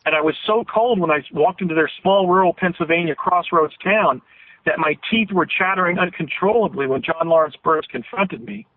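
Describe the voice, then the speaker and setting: A man being interviewed as a guest on a radio show, telling a long story in earnest detail, his voice at times catching with emotion. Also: fairly high pitch. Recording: tinny phone line, dry.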